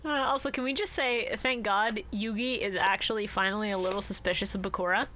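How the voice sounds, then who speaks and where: A woman co-hosting a casual podcast chat, excited and swearing as she talks, on a home mic. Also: medium pitch, fairly quick, slight background noise. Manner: excited, swears, laughs along. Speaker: podcast co-host.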